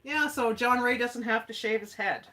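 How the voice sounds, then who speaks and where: Her voice is a little high, pushed, and bright, moving at a moderate pace. She's a livestream host from Alberta, Canada, crafting casually while chatting in a folksy way and laughing a lot.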